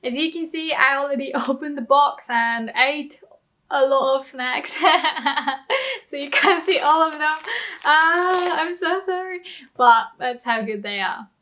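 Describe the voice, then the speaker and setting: A woman's voice: high voice, measured pace, pushed and bright. A woman giving a casual language lesson, chatty and giggly, explaining words through everyday examples. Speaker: Japanese language teacher.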